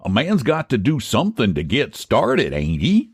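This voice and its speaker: A man narrating a classic short story as an audiobook, in an expressive storytelling manner. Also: moderate pace, few pauses, husky, no echo, studio quality. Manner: expressive storytelling, low even narration between character lines.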